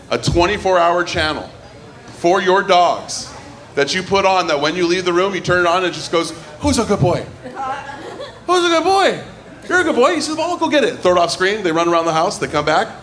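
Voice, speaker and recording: High-voiced man hosting stand-up. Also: a bit bright. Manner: loose, joking, does silly voices for bits. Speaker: comedy show host. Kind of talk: stand-up comedy. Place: comedy club stage.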